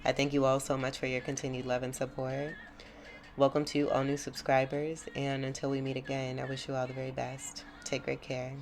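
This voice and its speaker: A woman's voice: very deep voice, completely flat delivery, a little fast, darkish tone. Effusive woman giving a tarot reading. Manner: effusive, exclamatory and encouraging. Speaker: tarot reader. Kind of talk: spiritual tarot reading for viewers. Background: music.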